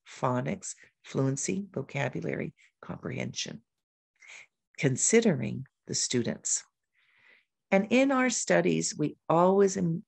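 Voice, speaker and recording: Gravelly-voiced woman presenting on teaching literacy. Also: low-pitched, no room sound. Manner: demonstrates teaching by role-playing her questions to students; lists points in short rhythmic phrases. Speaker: literacy educator presenting at a summit. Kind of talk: presentation with modeled classroom dialogue.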